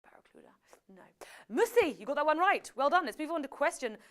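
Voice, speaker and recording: A woman's voice: high-pitched, big pitch swings, fairly quick, a bit bright. A young woman hosting a live quiz show, chatty and playful, with self-correcting asides. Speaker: quiz host.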